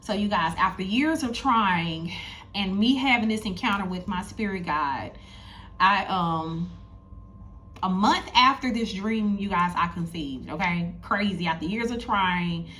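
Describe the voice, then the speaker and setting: Woman, thirties, storytelling vlog, chatty, repeats herself, middle pitch, faint ambience. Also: unhurried, fairly bright tone, a little hiss or hum. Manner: chatty, addresses viewers directly, repeats herself. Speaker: spiritual content creator.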